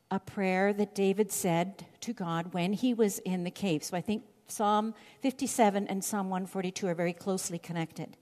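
Expressive woman teaching in a reverberant hall. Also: medium pitch. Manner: expressive, storytelling delivery. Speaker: Bible teacher. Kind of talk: Bible teaching with scripture reading.

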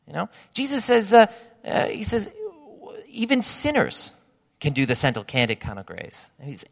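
A man preaching a sermon, animated and acting out imagined voices of his listeners. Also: a little high, normal speed, gravelly, long reverb tail. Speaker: pastor.

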